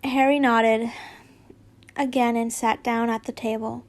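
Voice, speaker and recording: A woman's voice: a little high, level tone, unhurried, a little mellow. A woman reading fanfiction aloud, unpolished, stumbling and correcting herself with chatty asides. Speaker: fanfiction reader.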